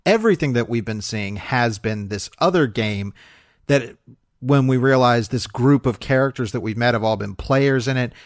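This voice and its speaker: A man's voice: mid-range voice, moderate pace, dry recording, clean studio sound. Rambling man co-hosting a film podcast. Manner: rambling, many fillers and restarts, laughs often. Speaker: podcast co-host. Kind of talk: casual film review chat.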